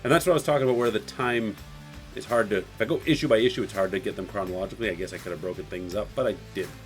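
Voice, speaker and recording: A man's voice: fairly low pitch, rapid-fire, faint music behind. A man casually retelling a comic book issue, chatty and loose, often slipping into quoted lines. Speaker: comic book recap host.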